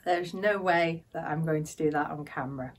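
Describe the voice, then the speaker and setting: A middle-aged woman with an English accent, explaining vocabulary to camera as a teacher, speaking slowly and lifting her voice on key words. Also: low-pitched, recorded from a distance. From England. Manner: slow, careful explanations with lively rises on key words.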